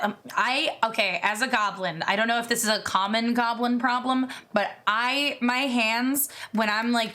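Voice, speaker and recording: A woman streamer chatting casually as she reacts to videos, excitable and gushing, swearing freely. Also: a little high. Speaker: VTuber streamer.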